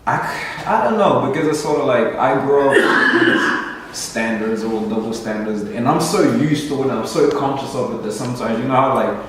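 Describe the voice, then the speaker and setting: A man's voice: mid-range voice, animated, normal speed, fairly bright tone, a little hiss or hum. Casual young man, echoey room. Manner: casual, reflective, many fillers like "you know". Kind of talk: personal storytelling in a group discussion. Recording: echoey room, mic far off.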